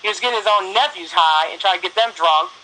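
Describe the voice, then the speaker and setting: A woman's voice: on the low side, fast, pushed and bright, rough recording. A woman, talking bluntly and profanely in a casual phone chat, telling stories with quoted back-and-forth.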